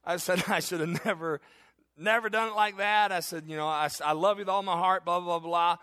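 A man's voice: sits high, steady tone, a little fast, pushed and bright. A middle-aged male pastor preaching a sermon, telling a story and laughing at himself.

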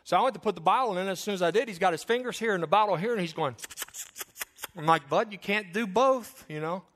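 A man preaching a sermon to his church, swinging from loud declarations to hushed asides. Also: high-pitched, fast talker. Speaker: pastor. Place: church sanctuary, also streamed online.

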